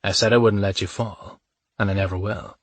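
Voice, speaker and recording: A man voicing a reckless yet tender Irish man in a romance audiobook, speaking softly, steadily and reassuringly. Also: fairly low pitch, fairly even intonation, brisk, dry recording.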